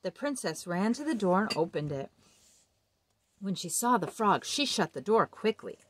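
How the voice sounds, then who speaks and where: A woman reading a children's picture book aloud in an expressive read-aloud delivery. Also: mid-range voice, moderate pace, a little hiss or hum. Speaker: storybook reader.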